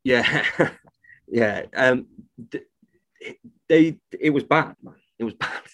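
A man's voice: mid-range voice, slow, a bit bright. A man, a reptile shop owner, talking bluntly and indignantly as a podcast guest and swearing freely. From United Kingdom. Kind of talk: casual podcast conversation.

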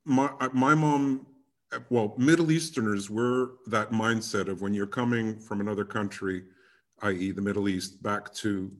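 Man, casual chat, co-host, playful, teasing, fairly low pitch. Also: fairly even intonation, normal speed. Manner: playful, teasing, slips into mock voices.

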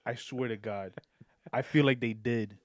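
A man's voice: mid-range voice, steady tone, unhurried, no echo. Young man telling a rambling story, dry. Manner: rambling, profane, laughs mid-story. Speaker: podcast guest. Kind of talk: casual storytelling.

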